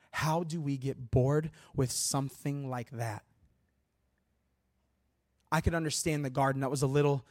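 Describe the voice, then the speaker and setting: A man preaching a sermon in a church, reading scripture and joking in a lively, conversational way. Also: medium pitch. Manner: animated, humorous, conversational preaching. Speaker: guest preacher.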